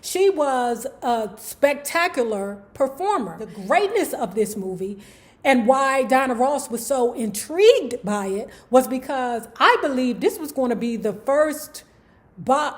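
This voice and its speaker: A woman telling celebrity gossip and stories in a chatty, slangy, animated way. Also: a little high. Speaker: YouTube gossip commentator. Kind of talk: casual gossip storytelling.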